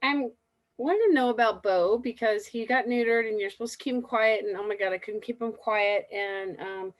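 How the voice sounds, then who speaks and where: A woman's voice: fairly high pitch, moderate pace, no room sound. A woman calling in to a show, talking in a rambling, anxious way with many restarts. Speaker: caller. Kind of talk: casual phone-in chat.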